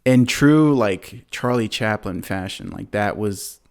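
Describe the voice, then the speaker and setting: A man with a lowish, smooth voice speaks slowly as a podcast host. He casually retells a movie plot in a rambling way, full of fillers and acted-out quotes.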